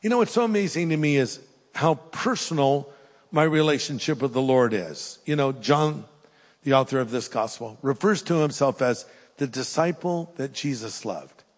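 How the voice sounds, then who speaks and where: An older man preaching a sermon with an altar call, earnest and pleading, swinging between raised emphasis and hushed, soft appeals. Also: medium pitch, normal speed, in a large hall. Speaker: pastor. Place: church hall with live audience.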